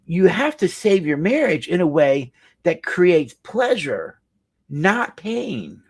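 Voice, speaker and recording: Husky-voiced male counselor telling a story. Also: high-pitched, sing-song, takes it slowly. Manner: earnest, emphatic storytelling with repetition. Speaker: marriage counselor. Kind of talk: storytelling talk.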